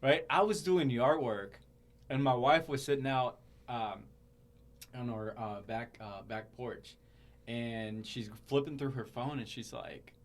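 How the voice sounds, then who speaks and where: A man's voice: mid-range voice, measured pace. Man, young adult, podcast host, casual chat, earnest, rambling, fillers and restarts.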